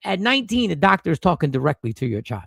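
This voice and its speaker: Comedian guy rambling thru a story to his stream, real gravelly voice, kinda high, dry close mic. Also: big pitch swings, fast, a bit bright, no room sound. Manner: rambling, loose, with restarts and slang. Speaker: stand-up comedian and stream host. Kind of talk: casual storytelling to viewers.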